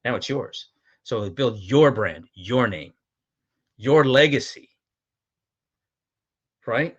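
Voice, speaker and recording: A man hosting a live-streamed sales pitch, answering viewer chat in a pushy, hyped salesman patter with mild swearing. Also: animated, slow pace, breathy edge, lo-fi sound. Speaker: host selling his own product.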